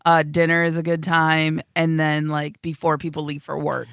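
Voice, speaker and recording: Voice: medium pitch, completely flat delivery, moderate pace, a bit bright, smooth, dry recording, studio quality. A person on a radio show, explaining things matter-of-factly in casual banter. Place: radio studio.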